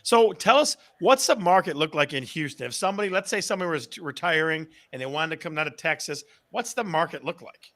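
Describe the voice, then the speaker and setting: Upbeat male stream host from Michigan; bright, punchy, loves a bit. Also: a little high, lively intonation, quick pace, few pauses. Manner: hyped, jokey, rallying the chat. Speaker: show host. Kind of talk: upbeat live-stream chat.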